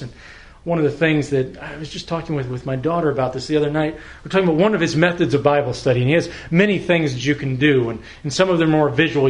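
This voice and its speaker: A pastor with a mid-range voice preaches a sermon earnestly, slowing down for emphasis. Now and then he repeats words while searching for the right ones.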